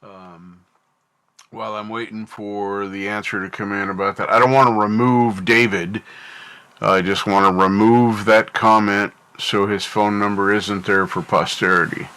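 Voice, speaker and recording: A man's voice: lowish voice, little pitch movement, unhurried, pushed and bright, smooth. A North American man hosting a livestream, rambling casually and thinking aloud while he answers his chat. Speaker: livestream host.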